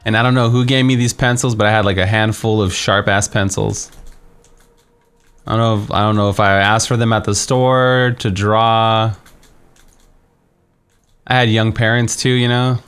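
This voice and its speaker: A man's voice: on the low side, fairly even intonation, moderate pace, pauses often, fairly bright tone, clear, resonant tone, faint music behind. A young man streaming a game, telling a story in a casual, rambling way with many fillers and restarts. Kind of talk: casual storytelling while playing.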